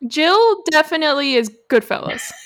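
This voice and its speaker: A woman's voice: sits high, lively intonation, normal speed, fairly bright tone. A young woman guest on a film podcast, playful and jokey, laughing often. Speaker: podcast guest, staff writer. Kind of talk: casual film podcast chat.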